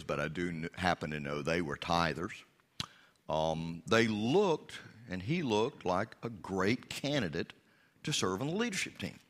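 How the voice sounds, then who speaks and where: A man preaching a sermon as pastor, swinging from loud emphasis to hushed asides. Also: low voice, in a large hall.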